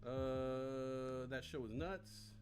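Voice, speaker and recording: A man's voice: medium pitch, fairly even intonation, drawn-out words, darkish tone, faint music behind. A man in his forties hosting a live stream, chatting casually and rambling through viewer comments while swearing freely. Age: 40s.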